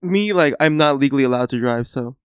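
A lively young man who laughs easily co-hosts a casual podcast chat. His mid-range voice is clear and resonant, with a dry, clean studio recording.

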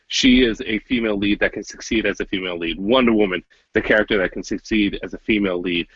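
A young man co-hosting a casual podcast chat, animated and profane, talking in quick restarts. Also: lowish voice, slightly rough, dry recording. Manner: animated, swearing, talks fast and restarts. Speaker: podcast co-host. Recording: dull lo-fi sound.

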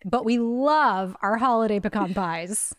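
A young woman from Ohio, a therapist co-hosting a podcast, chatting in an animated, self-mocking way and laughing a lot. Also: on the high side, measured pace, no room sound, studio quality. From small town near Cincinnati, Ohio. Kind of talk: casual chat.

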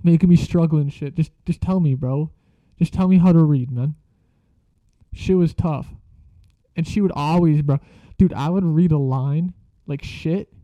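A man's voice: a little high, a little slow, warm tone, dry recording. A young man casually telling a story from school, slangy and profane, laughing as he goes. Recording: dull lo-fi sound.

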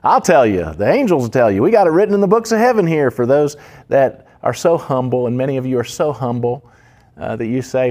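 A man's voice: mid-range voice, expressive, fairly quick, a little mellow. A pastor preaching a conversational sermon, explaining Greek words with casual asides to his listeners. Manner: conversational, with fillers and asides to the congregation. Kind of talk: sermon with Greek word study.

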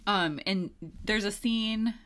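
A woman's voice: medium pitch, takes it slowly, a bit bright. A woman in her thirties co-hosting a podcast, chatting casually through a movie recap with lots of fillers and giggles. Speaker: podcast co-host.

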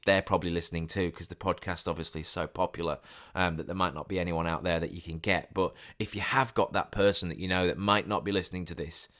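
A somewhat low-voiced man hosts a podcast alone, spinning a personal story in a loose, rambling monologue. He leans on ums and restarts and jumps up loud and high as the story peaks. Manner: rambling anecdote with many fillers and restarts, rising loud when excited. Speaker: podcast host.

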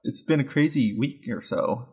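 A man co-hosting a casual chat, talking in a halting way with restarts. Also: mid-range voice, darkish tone, faint music behind.

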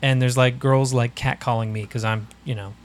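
A man's voice: mid-range voice, fairly even intonation, moderate pace. A man in his early thirties hosting a podcast, telling stories in casual chat with a laid-back manner and frequent laughs. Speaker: podcast host.

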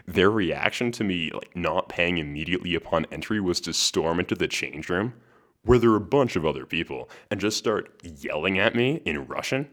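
A man's voice: sits low, animated, normal speed, a bit bright. A young man hosting a podcast on his own, telling a story in a chatty way with frequent laughs. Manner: chatty, laughs between lines, restarts words. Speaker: podcast host. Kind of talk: casual solo storytelling.

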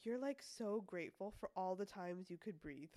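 A woman's voice: mid-range voice, lively intonation, normal speed, dark tone, no room sound. A woman hosting a casual self-help podcast, talking in a chatty way, laughing often and acting out little quoted voices. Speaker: podcast host.

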